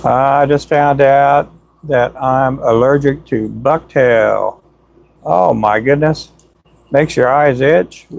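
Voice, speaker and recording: A man hosting a casual livestream, chatting with viewers and demonstrating how to tie knots, saying "boom" as he works. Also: slow pace, vocal fry, a little hiss or hum. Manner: talks while working with hands, says "boom" often. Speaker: livestream host teaching jig tying. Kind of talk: casual live-stream chat and tying demonstration.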